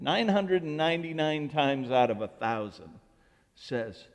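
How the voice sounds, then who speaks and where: Animated pastor preaching in a reverberant hall. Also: male voice, takes it slowly. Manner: animated storytelling, acting out dialogue with swings of pitch and volume. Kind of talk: sermon. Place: church sanctuary.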